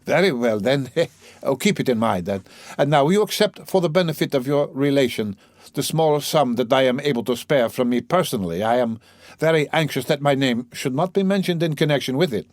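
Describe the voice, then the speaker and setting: A man reading the part of a pompous, calculating middle-aged gentleman in a measured, self-important way. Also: mid-range voice, expressive, no room sound, pitched above the performer's own voice, lightly acted.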